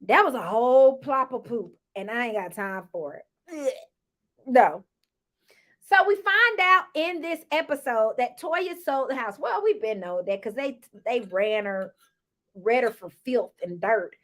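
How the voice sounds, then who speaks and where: A woman with a voice on the high side recaps a reality TV episode at a measured pace. Chatty, sassy and animated, she often acts out what the cast members said.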